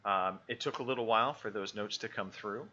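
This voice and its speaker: Male podcast co-host, joking and loose, very bright tone. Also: lowish voice, brisk, highs cut off. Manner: joking, loose, lots of fillers. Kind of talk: casual podcast chat.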